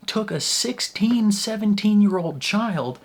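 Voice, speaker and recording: A man hosting a reaction vlog in casual, animated talk, laughing between phrases and leaning heavily on "like" as a filler. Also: high voice, slow. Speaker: reaction channel host.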